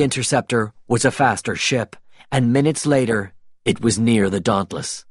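A man narrating a storybook aloud in a slow, deliberate manner. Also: medium pitch, dry recording, clean studio sound. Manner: slow, clear, deliberate reading.

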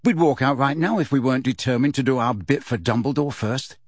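A man's voice: medium pitch, fairly quick, no echo, lightly acted. A man voicing a cool, mischievous teenage boy who teases and plots pranks. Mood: teasing. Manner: cool, teasing.

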